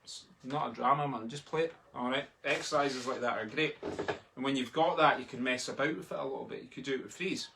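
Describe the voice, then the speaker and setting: A Scottish man teaching a drumming lesson online from home, talking in a relaxed, chatty way and chanting the sticking patterns aloud. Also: mid-range voice, fast, gravelly, background noise. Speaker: drum tutor. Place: home, a street outside.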